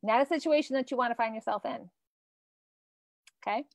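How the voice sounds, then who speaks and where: A woman's voice: a little high, brisk, background noise. A woman in her thirties, a nutrition coach on a live stream, talking casually and swearing freely as she reads out viewer comments.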